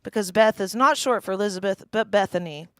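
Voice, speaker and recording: A woman's voice: medium pitch, fairly quick, a bit bright, no room sound. Wry mid-forties woman doing stand-up. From East Tennessee. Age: 40s. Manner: wry, self-deprecating, laughs at own jokes. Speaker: stand-up comedian. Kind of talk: stand-up comedy set. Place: small live comedy venue.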